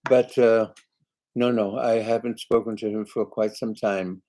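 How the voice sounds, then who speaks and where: A man's voice: on the low side, steady tone, a little slow, dark tone, low-quality recording. An older British man, a singer hosting a live chat, reading viewer comments aloud in a chatty, rambling way. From Britain.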